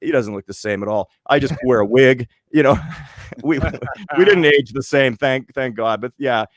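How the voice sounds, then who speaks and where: A man from Winnipeg in his late forties, co-hosting a podcast and telling a story in lively casual chat, acting out the voices as he goes. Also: mid-range voice, moderate pace, no echo, studio quality. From Winnipeg, Canada. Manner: animated storyteller, restarts and acts out voices. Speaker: podcast co-host.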